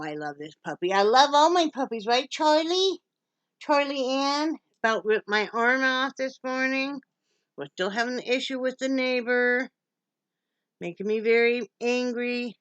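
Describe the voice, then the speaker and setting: A woman's voice: fairly high pitch, a bit bright, dry recording, highs cut off. A middle-aged woman from Wyoming chatting casually in a home vlog, laughing often and cooing to her dog. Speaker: vlogger.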